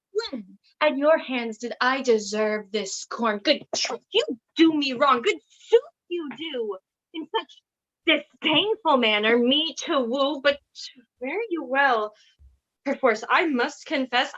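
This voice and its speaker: A woman playing a young woman, spurned in love, in a Shakespeare reading, with a plaintive and lively delivery. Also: sits high, highs cut off, heavily acted. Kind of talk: Shakespeare stage reading over video call.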